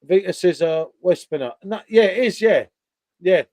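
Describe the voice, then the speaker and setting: A man's voice: high voice, expressive, moderate pace, a little mellow, no echo. A man hosting a casual beer chat, blunt and sweary. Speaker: beer channel host.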